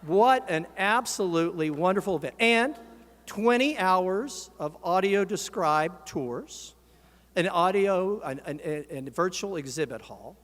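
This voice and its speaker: An American man, an organization's president, gives a convention speech in a large hall and rouses the crowd to shout and chant. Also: sits high, expressive, unhurried.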